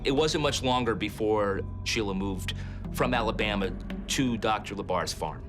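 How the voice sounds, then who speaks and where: A male journalist recounts a case in a plain, matter-of-fact way. His voice sits a little low. Music plays beneath the interview. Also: normal speed. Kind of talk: documentary interview. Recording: music bed under the voice.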